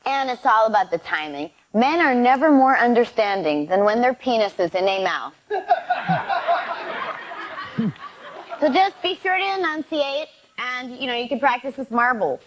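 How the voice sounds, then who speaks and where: A woman comedian on a panel show, giving shocking advice in a sweet, deadpan way. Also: a little high, unhurried, pauses often, heavy background noise. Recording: dull lo-fi TV recording.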